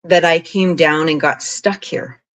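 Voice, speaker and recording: A woman guest on an interview podcast, telling long spiritual stories in a rambling, animated way, full of "like" and "you know". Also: deep voice, unhurried. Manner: rambling, animated, frequent 'like' and 'you know'. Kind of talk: casual interview storytelling.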